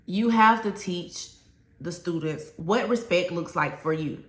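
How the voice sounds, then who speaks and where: A woman's voice: on the low side, a little slow, echoey room. A woman with a Southern US accent giving an emphatic, plain-spoken talk to fellow teachers. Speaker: teacher trainer.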